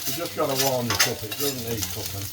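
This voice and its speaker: A man's voice: medium pitch, a little fast, heavy background noise. An older man with a Manchester accent, chatting casually and swearing lightly while he cooks on a griddle. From England. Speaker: cooking vlogger. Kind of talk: casual chat while cooking.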